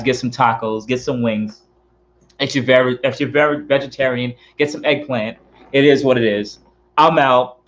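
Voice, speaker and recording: Earnest rambling man on a muffled recording. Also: mid-range voice. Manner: earnest, rambling, repeats himself. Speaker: car channel host. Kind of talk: casual heartfelt vlog talk.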